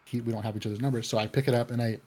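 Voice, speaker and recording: A man's voice: mid-range voice, fairly even intonation, racing, dark tone, slightly rough. A man chatting casually, rambling with many fillers and restarts. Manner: acts out quoted voices in anecdotes. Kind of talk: casual chat.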